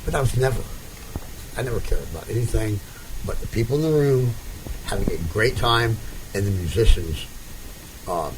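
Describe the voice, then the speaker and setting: A man's voice: lowish voice, lively intonation, normal speed, pauses often, noisy background. A man interviewing a couple in casual conversation, rambling and restarting as he tells stories. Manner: rambling storyteller with many restarts.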